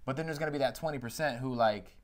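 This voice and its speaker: A man in his thirties co-hosting a casual podcast chat, talking in an animated, emphatic way with a lot of slang. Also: medium pitch, fast. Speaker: podcast co-host.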